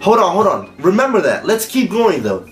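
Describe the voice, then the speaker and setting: A man hosting a reaction video, pausing a clip to challenge what was said, with music playing behind him. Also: high-pitched, huge pitch swings, a little hiss or hum. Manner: questioning, challenging, pauses the clip. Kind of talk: commentary on a played clip.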